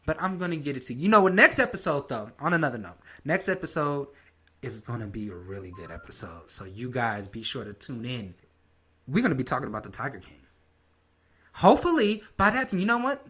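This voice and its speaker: A young adult man hosting his own podcast, ranting in a heated, profane, casual way. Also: fairly high pitch. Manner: heated, profane, lively rant. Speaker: podcast host. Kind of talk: casual solo commentary.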